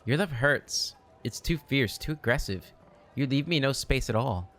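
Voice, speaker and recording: A man reading aloud as a hurt, proud female half-elf companion, using his own low voice. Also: expressive, normal speed, a bit bright, lightly acted. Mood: reproachful.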